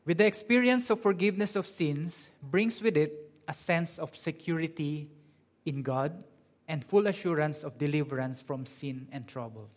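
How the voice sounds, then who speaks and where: A man with a slightly raised pitch preaches a sermon. He speaks earnestly and draws out the key words slowly to drive them home. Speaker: pastor.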